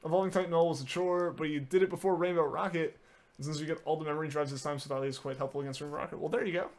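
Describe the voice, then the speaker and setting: This game streamer's male voice is fairly high, steady in tone, a little mellow, and very fast. In casual live-stream chat he answers viewer messages, piling on fillers like "like" and restarting sentences often.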